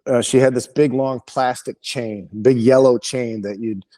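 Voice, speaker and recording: A male comedian, a podcast guest, telling an animated, rambling and profane story with lots of restarts. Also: medium pitch, moderate pace.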